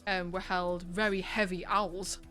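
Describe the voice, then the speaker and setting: A woman's voice: lowish voice, little pitch movement, measured pace, bright, forceful tone, faint music behind. A woman co-hosting a casual livestream with her partner, teasing, swearing casually and giggling often. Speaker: co-host, streamer's partner.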